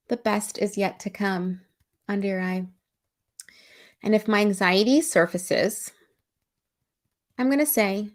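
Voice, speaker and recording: A woman's voice: medium pitch, measured pace, pauses often. A woman coaching a live-stream EFT tapping and guided meditation session, speaking in a soothing, encouraging voice.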